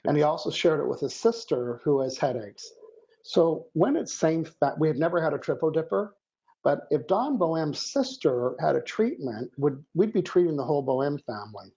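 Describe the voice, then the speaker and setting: Chatty man with a gravelly voice. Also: on the high side, very animated, normal speed, mellow. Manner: chatty, joking, reads out viewer names. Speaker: co-host. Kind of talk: live-stream show chat. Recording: dull lo-fi stream audio.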